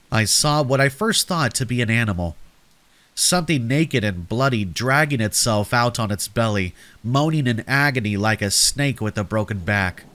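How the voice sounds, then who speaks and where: A man's voice: mid-range voice, a bit bright. A man narrating a scary story in a scripted, dramatic storytelling manner.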